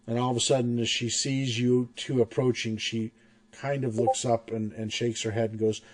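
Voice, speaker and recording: A man narrating as game master of a tabletop game in a loose, halting way. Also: medium pitch, flat delivery.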